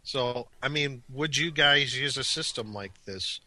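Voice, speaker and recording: Very bright-voiced male podcast host. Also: medium pitch, unhurried, no room sound. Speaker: podcast host leading the discussion. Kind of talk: casual tabletop gaming discussion.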